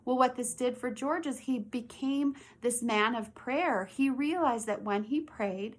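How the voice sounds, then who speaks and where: A young adult woman teaching a Bible lesson to children, retelling the story in an animated way and asking the kids questions. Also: fairly high pitch, measured pace.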